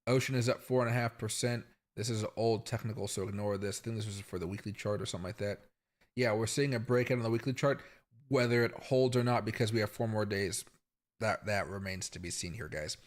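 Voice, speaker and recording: A man's voice: on the low side, brisk. A man hosting a casual crypto livestream from home, chatty and rambling, talking straight to his viewers.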